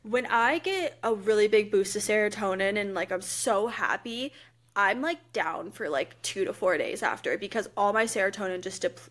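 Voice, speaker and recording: A woman's voice: mid-range voice, fairly bright tone. Bubbly young woman chatting on a podcast. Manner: bubbly, gushing, quick laughs. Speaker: podcast co-host. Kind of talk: casual chat.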